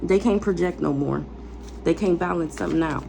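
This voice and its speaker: A woman's voice: fairly low pitch, a little fast, vocal fry, background noise. A woman tarot reader ranting casually, blunt, defiant and profane, repeating phrases for emphasis.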